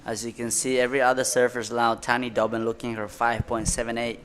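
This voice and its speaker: A man calls a surf heat live from the commentary booth. His voice sits in an ordinary middle pitch, and his delivery is excitable and loose, with broken phrasing that rushes along with the action. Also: slight background noise.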